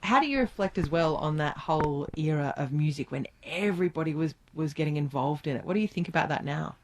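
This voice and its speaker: A woman with a low voice hosting a radio interview. She asks long, winding questions that loop back on themselves before she gets to the point. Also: animated, fast talker, background noise.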